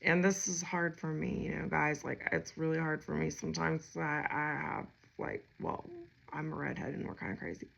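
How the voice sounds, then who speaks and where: Chatty, gravelly tarot-reading woman. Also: low voice, normal speed, fairly bright tone, highs cut off. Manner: chatty and rambling, many fillers, laughs often. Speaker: tarot reader. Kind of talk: casual spiritual tarot reading to viewers.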